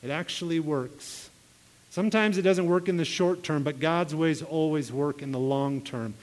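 A man's voice: fairly high pitch, moderate pace, darkish tone. Earnest male pastor in a reverberant hall. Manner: earnest storytelling, acts out quoted voices. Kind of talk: sermon with personal stories.

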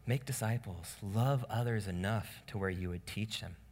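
A man preaching a sermon as pastor, animated and casual, acting out voices of the people in the story. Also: fairly low pitch, moderate pace. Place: church room with congregation.

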